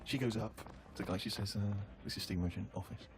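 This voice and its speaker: A man's voice: lowish voice, fast talker. A man co-hosting a radio comedy show, telling rambling, self-deprecating anecdotes full of quoted exchanges. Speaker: co-host. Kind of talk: casual comic storytelling.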